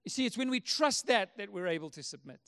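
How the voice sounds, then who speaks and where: Male pastor with a very high voice, earnest, emphatic sermon delivery. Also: animated, quick pace, sharp tone, clear, resonant tone. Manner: earnest, emphatic preaching with repeated phrases.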